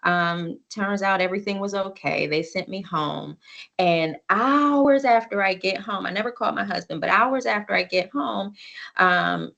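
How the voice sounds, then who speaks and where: A woman's voice: medium pitch, a little slow, vocal fry, a bit bright. A woman in her forties giving a conversational storytelling presentation over a video call, with many fillers and restarts. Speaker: conference presenter.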